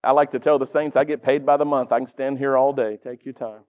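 A man's voice: medium pitch, fairly even intonation, quick pace, narrow, tinny audio. A middle-aged man preaching a sermon in a conversational way, often stopping to quiz the congregation.

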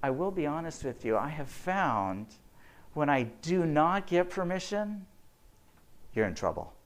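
A man's voice: fairly high pitch, sing-song, measured pace. A man, a physician, giving a faith-based lecture to health workers, telling earnest stories and acting out the quotes. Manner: earnest storyteller, acts out quotes.

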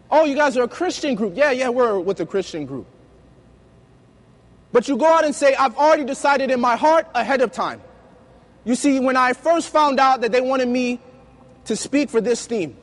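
High-voiced man preaching with stories. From United States. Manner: lively storytelling, acting out dialogue. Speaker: youth preacher. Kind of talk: sermon with personal stories.

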